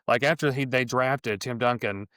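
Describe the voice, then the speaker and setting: Casting: middle-aged male podcast host, smooth clear voice, eager, rambling delivery, dry close mic. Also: mid-range voice, moderate pace, a bit bright, no echo. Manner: enthusiastic, rambling with restarts. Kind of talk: casual sports podcast chat.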